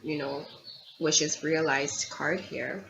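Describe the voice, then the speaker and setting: Tarot-reader woman, lowish voice, earnest and confiding; dull lo-fi recording. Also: level tone, slow, vocal fry. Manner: earnest, confiding, repeats herself. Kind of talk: tarot reading monologue. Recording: dull lo-fi audio with faint background hiss.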